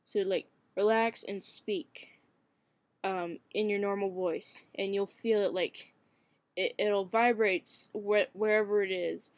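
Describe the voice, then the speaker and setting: Young man, slow and hesitant webcam vlogger, cracking shaky voice, dry close sound. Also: sits high, steady tone, dry recording. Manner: hesitant, many fillers, frequent swearing. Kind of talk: casual webcam vlog.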